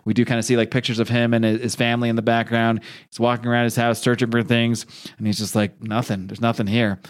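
A man's voice: mid-range voice, completely flat delivery, fast, clean tone. A man talking casually through a TV episode he just watched. He rambles, restarts his sentences and drops into the characters' lines as he goes. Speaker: show recapper.

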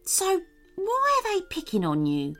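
A woman's voice: very high voice, wildly swooping pitch, a little slow, a bit bright, faint music behind, pitched above the performer's own voice, heavily acted. A woman voicing a tall, shy male garden gnome who feels out of place. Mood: gentle.

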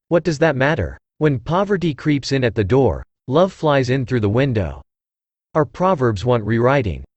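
A rapturous young actress, read out by a synthesized male voice for an audiobook. She gushes in bright, effusive phrases, her intonation rising and falling widely. The sound is dry and close. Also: medium pitch, dry recording. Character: young woman, a starry-eyed actress in love. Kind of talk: audiobook reading.

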